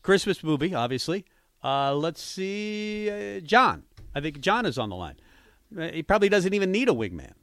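Middle-aged male radio host, relaxed and chatty, slightly high voice with lots of swing. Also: moderate pace, no echo, studio quality. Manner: easygoing, runs a call-in movie quiz. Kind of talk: casual morning radio chat.

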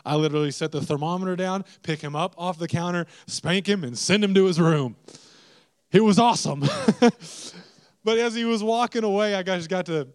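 A man's voice: sits high, normal speed. A young adult man preaching, telling a self-mocking family story with acted-out quotes. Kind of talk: storytelling sermon.

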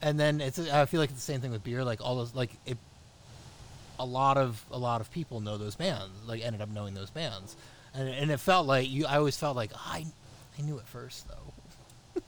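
A man spins a loose, rambling story on a casual podcast, circling back over his words. His pitch sits mid-range, and a faint hum of background noise stays under the voice. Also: a little fast. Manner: rambling, laughing, lots of restarts. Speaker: podcast co-host.

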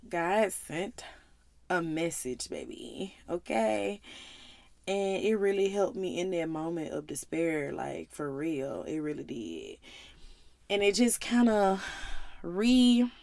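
Woman in her twenties, animated podcast storyteller. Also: on the low side, slow pace, vocal fry, long pauses, dry recording. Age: 20s. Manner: animated storyteller, acts out her own side of talks with God; slangy and conversational, calls listeners y'all and baby. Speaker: podcast host. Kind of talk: casual podcast monologue.

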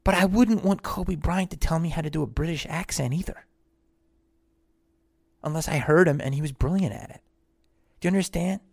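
A man's voice: fairly high pitch, vocal fry, a little mellow, dry recording, clean studio sound. A man who is an actor and podcast host, delivering a blunt, profane, rambling monologue in casual talk. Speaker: actor on tour.

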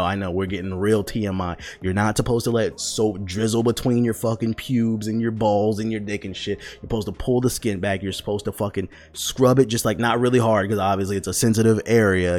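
A grown man ranting loudly and profanely, scolding his audience with emphatic repetition. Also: lowish voice. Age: adult. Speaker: vlogger. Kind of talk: profane comedic rant.

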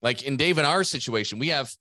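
A man's voice: medium pitch, lively intonation, quick pace, sharp tone, no room sound. Emphatic male podcast co-host, dry sound. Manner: emphatic, motivational, swears casually. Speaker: podcast co-host, gym business coach. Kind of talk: casual business podcast talk.

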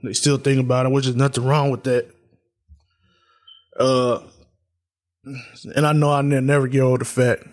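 A man's voice: medium pitch, little pitch movement, moderate pace, pauses often. A young man hosting his own podcast alone, talking loosely and candidly with lots of fillers in a subdued, reflective tone. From Tennessee. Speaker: podcast host. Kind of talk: solo casual podcast talk.

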